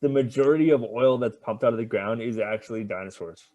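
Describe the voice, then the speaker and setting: A man with a mid-pitched, ordinary voice banters on a podcast. He teases the others and plays the know-it-all. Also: fast, a little mellow. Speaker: podcast co-host. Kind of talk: casual banter.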